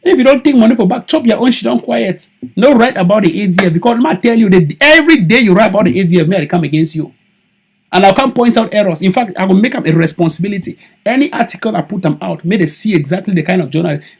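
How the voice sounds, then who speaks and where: A man's voice: high voice, animated, fast, slightly rough. A man with a Cameroonian English accent mixed with Pidgin, giving a heated, accusatory political monologue and repeating lines for stress. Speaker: political activist. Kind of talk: impassioned video monologue.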